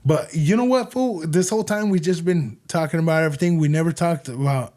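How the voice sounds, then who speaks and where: A man's voice: fairly high pitch, a little fast, mellow. A man hosting a podcast in casual chat, talking in a slangy, rambling and self-doubting way. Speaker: podcast host and newer stand-up comic.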